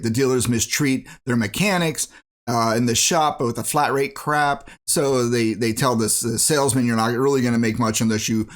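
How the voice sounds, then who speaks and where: A man from the United States, a vlogger ranting bluntly and casually about car dealers and pricing. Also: mid-range voice. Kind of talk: casual rant to camera.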